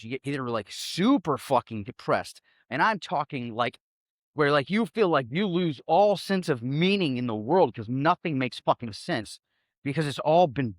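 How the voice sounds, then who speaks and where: Male self-help speaker, slightly high pitch, rambling and profane, casual monologue. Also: no echo, studio quality. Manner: profane, emphatic, rambling with many fillers.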